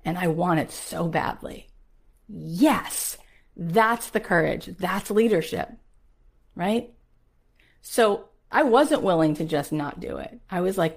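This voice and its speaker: Woman, 40s, podcast host, somewhat low pitch, emphatic, motivational monologue, rhetorical questions. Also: animated, takes it slowly, gravelly.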